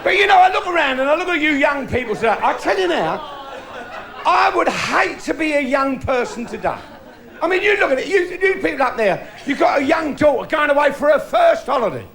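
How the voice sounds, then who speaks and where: A man's voice: very high-pitched, sing-song, fairly quick. A middle-aged man doing a bawdy stand-up routine on a theatre stage, telling cheeky stories with punchlines. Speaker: stand-up comedian. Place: theatre stage before a live audience. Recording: noisy live recording with loud laughing crowd.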